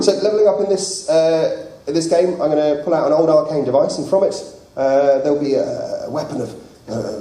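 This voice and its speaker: Playful game master, echoey hall. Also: male voice, fairly high pitch, a little fast, few pauses. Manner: laughing often, lively and playful. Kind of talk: improvised tabletop game narration. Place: large convention hall with live audience. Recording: echoey hall, loud crowd.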